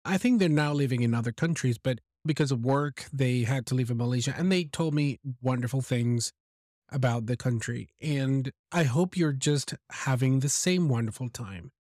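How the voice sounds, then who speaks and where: A man's voice: medium pitch, a little mellow, no room sound, studio quality. A man hosting an English lesson, giving encouraging feedback on a listener's message and explaining pronunciation with examples. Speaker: English teacher and podcast host.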